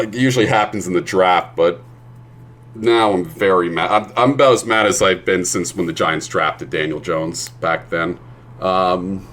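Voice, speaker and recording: A man's voice: lowish voice, fairly bright tone. A male streamer chatting casually while he plays, ranting with plenty of swearing. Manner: profane, ranting.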